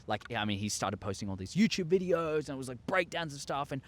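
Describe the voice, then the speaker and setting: A young man telling a story to his viewers, excitable and acting out scenes with sound effects. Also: mid-range voice, fast. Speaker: YouTuber. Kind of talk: casual storytelling monologue.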